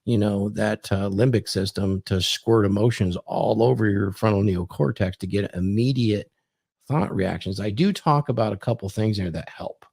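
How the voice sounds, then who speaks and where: A man with a lowish voice speaks as an author on a podcast, explaining his ideas at length in a lecturing way. The recording is dry and close-miked. His tone stays casual and conversational. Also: normal speed, creaky, a little mellow, husky, no room sound.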